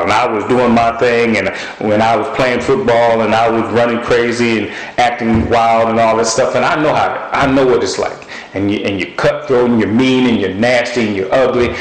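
A man preaching a sermon, telling personal stories in a lively, folksy way and sometimes quoting what God said to him. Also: mid-range voice, echoey room, low-quality recording. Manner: animated storytelling, folksy speech.

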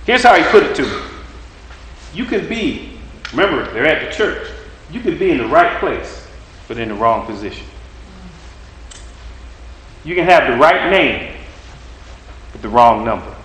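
A man preaching a sermon in a bright, forceful voice pitched a little high. He hammers his points home with repeated lines and rhetorical questions. The sound rings around an echoey room. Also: big pitch swings, unhurried, long pauses, a little hiss or hum. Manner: emphatic, repetitive preaching cadence with rhetorical questions.

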